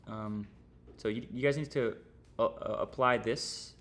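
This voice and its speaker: A man's voice: medium pitch, steady tone, measured pace, fairly bright tone. A young man teaching trading on a livestream, casual and rambling, full of slang and fillers. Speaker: trading streamer.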